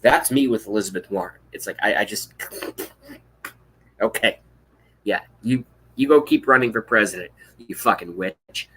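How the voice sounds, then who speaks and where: A man's voice: on the low side, normal speed, long pauses, pushed and bright, slightly rough. A man in his thirties ranting on a live stream, blunt, sarcastic and profane, reading out chat comments. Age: 30s. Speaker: political vlogger.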